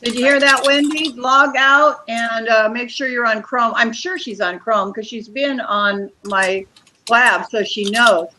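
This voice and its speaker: A woman's voice: on the high side, fairly even intonation, measured pace, bright, forceful tone, a little hiss or hum, rough recording. A woman hosting a casual video-call chat, busily juggling messages and streams.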